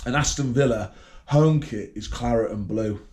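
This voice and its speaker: A man's voice: medium pitch, moderate pace, a little mellow. Profane rambling man with a Birmingham accent. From Birmingham, England. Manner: rambling, profane and combative, repeats words and restarts. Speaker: vlogger. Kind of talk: casual to-camera monologue.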